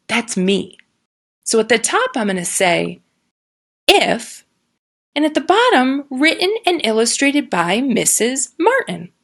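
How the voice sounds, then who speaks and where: A woman who teaches kindergarten, giving a patient recorded lesson and sounding out words slowly for young children. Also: fairly high pitch. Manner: slow, patient and sing-song, sounding out words.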